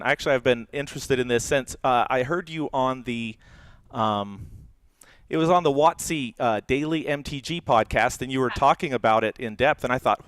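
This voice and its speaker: Casting: middle-aged male podcast host, smooth clear voice, dry close sound, loose and chatty. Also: medium pitch, fairly bright tone, no echo. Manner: rambling, laughs often, many fillers. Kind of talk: casual podcast chat.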